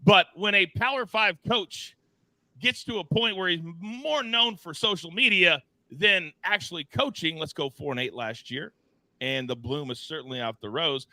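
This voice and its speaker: A man hosting a live sports betting show, teasing his co-hosts and reading chat in a playful, animated way. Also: high-pitched, moderate pace, no echo. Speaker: host.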